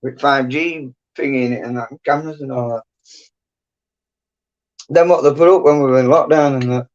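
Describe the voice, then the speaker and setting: A man's voice: mid-range voice, fairly even intonation, moderate pace, darkish tone. A man, chatting casually and rambling on a livestream, often trailing off into mumbles. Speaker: livestream host. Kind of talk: casual chat. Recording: dull lo-fi stream audio.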